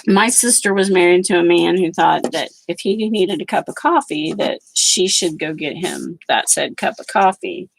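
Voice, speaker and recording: A woman's voice: lowish voice, moderate pace, vocal fry, few pauses, no room sound, rough recording. A middle-aged woman vlogging about crafts, chatting casually and telling stories in an outspoken way as she works. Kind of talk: casual chat while crafting.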